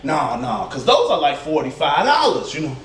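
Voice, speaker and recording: A man's voice: on the high side, huge pitch swings, normal speed, pitched below the performer's own voice. A man voicing a pushy street hustler who sells fake tickets, slangy and coaxing. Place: comedy club stage. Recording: echoey club from a distant mic.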